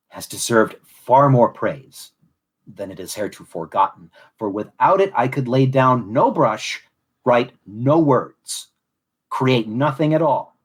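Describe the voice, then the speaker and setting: A man reading a solemn, grandiose scripted monologue as a podcast host, deliberate and formal, then chatting casually. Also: medium pitch, slightly rough.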